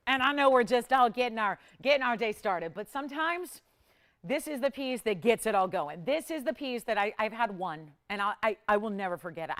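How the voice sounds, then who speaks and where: A woman's voice: a little high, a bit bright. A woman hosting a live TV jewelry shopping show, enthusiastic and repeating words for emphasis. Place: TV studio.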